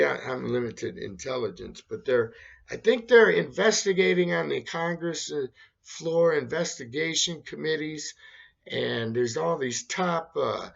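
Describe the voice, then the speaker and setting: Slow, gravelly sarcastic man. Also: mid-range voice, a bit bright, highs cut off. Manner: sarcastic, rambling. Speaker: host. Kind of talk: casual monologue reading news.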